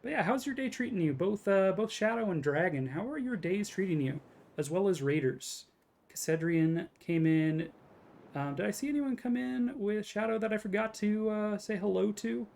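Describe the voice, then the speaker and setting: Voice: medium pitch, moderate pace, creaky, darkish tone. Chatty, jokey game streamer. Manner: chatty, jokey, greets viewers. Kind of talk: casual live-stream chat.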